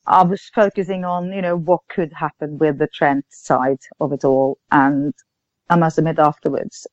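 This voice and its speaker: A woman's voice: low-pitched, darkish tone, no room sound, dull audio. A woman talking as a podcast guest in casual chat, emotional and laughing between phrases.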